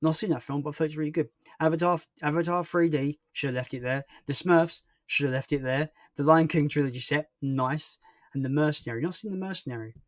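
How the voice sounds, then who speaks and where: A man's voice: fairly high pitch, brisk, no room sound, studio quality. A young man hosting a casual livestream and chatting through viewer comments in a rambling, self-deprecating way. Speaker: livestream host.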